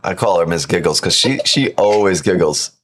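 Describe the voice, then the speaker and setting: A man's voice: deep voice, moderate pace, a crowd in the background. A man hosting a live stream from home, chatting casually, playful and teasing, swearing freely. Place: at home with kids and a dog.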